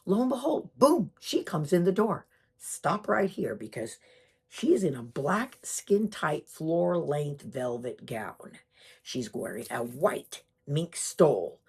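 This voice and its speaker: Low, husky woman telling a story. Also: slow. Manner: animated, chatty, emphatic. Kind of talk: personal storytelling.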